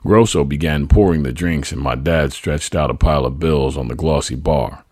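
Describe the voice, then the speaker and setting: Male memoir narrator; very low, husky, dry and close. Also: moderate pace, a little mellow, no echo. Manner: tender, reflective storytelling. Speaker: podcast host. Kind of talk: memoir reading.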